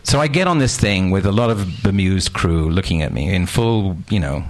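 A man telling a funny anecdote in a casual, animated and self-mocking way, acting out the scenes. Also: deep voice, normal speed. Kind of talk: casual storytelling.

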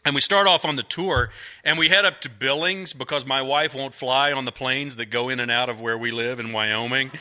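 A man's voice: mid-range voice, steady tone, normal speed, pushed and bright. A middle-aged man, an author, telling a rambling, self-mocking story to a live audience in a folksy, casual way. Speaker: author speaking to a bookstore audience.

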